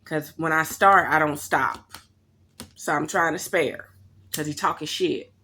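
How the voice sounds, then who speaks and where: A woman telling a story to her camera in a blunt, profane, animated rant. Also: sits low, measured pace, slight background noise. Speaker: vlogger.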